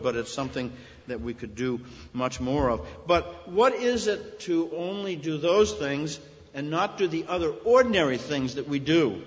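Earnest pastor preaching in an echoey church. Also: male voice, mid-range voice. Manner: earnest, storytelling, rising to emphatic peaks. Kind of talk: sermon. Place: church sanctuary. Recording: echoey hall, dull sound.

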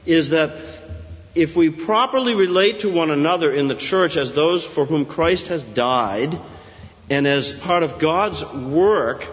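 A middle-aged male pastor preaching an expository sermon, with emphatic rises and quick asides. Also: fairly high pitch. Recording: muffled, lo-fi sound in a reverberant hall.

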